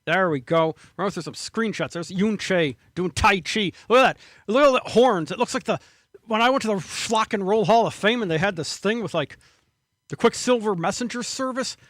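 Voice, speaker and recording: Brief: male solo podcast host, high voice, dry close sound, profane and digressive. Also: fairly quick, a bit bright, no room sound. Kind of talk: rambling solo commentary.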